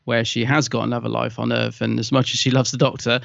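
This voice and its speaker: A man's voice: medium pitch, level tone, fast talker, vocal fry, a bit bright, no echo. Male podcast co-host, agreeable and casual, dry slightly dull recording. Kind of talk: casual review chat.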